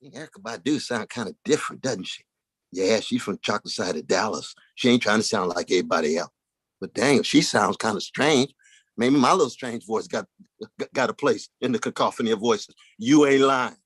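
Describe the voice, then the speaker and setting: A man's voice: a little fast, a bit bright, breathy edge, dry recording. A man giving an impassioned public talk, preacherly and rhythmic, mixing dramatic swells with folksy conversational asides. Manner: preacherly, rhythmic, with dramatic swings in pitch and volume. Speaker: guest speaker.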